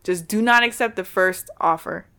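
A woman in casual conversation, telling stories in a lively, chatty way and acting out the voices of the people she quotes. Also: mid-range voice, moderate pace, clear, resonant tone. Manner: chatty, animated storytelling with quoted dialogue. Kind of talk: casual chat.

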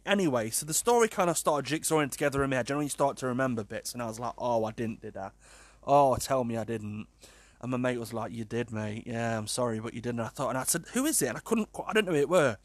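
A British man in his thirties tells a personal story in a loose, rambling, self-deprecating way, dotted with fillers and asides. His pitch sits in a middling range, and the recording is close and dry with no room sound. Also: no echo. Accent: British English.

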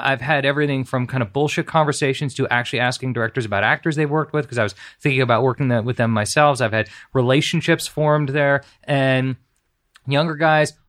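A male guest in a casual chat, speaking earnestly with many fillers and restarts. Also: mid-range voice. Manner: earnest, lots of fillers and restarts, warm praise.

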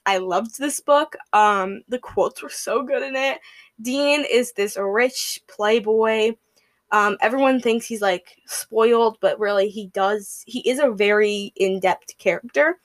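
A woman's voice: mid-range voice, measured pace, dry recording. A young woman hosting a podcast, gushing and rambling about a book series in casual chat, full of fillers. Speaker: podcast host.

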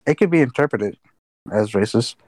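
A man's voice: mid-range voice, lively intonation, normal speed, darkish tone, no echo. A man co-hosting a podcast in casual chat, rambling on tangents and swearing freely. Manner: rambling, loses his train of thought, swears freely. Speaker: podcast co-host.

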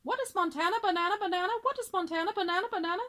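A woman voicing an excited chorus of baby swans in a squeaky, sing-song voice. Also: normal speed, heavily acted. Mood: chanting.

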